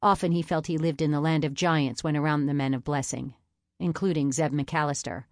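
A woman with a deep voice narrates a novel for an audiobook, keeping her scripted storytelling measured and steady. The studio sound is clean, with no echo.

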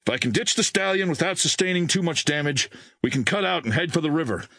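A man's voice: fairly high pitch, animated, fast, creaky, sharp tone, no echo, clean studio sound, pitched above the performer's own voice, exaggerated voice. A man voicing a grim, seasoned male military helicopter pilot with a clipped, commanding delivery.

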